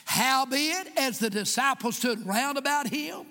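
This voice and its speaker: A man preaching a sermon. He is impassioned, jokes at times and rises to shouts in a church. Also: extremely high pitch, animated, normal speed, few pauses. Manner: impassioned, shouting at peaks, joking asides. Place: church sanctuary with congregation. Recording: echoey church hall.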